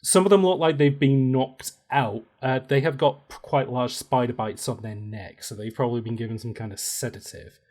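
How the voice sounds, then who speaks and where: A man's voice: mid-range voice, steady tone, normal speed, few pauses, darkish tone. Playful man running a tabletop game. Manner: playful, laughs often. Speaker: game master.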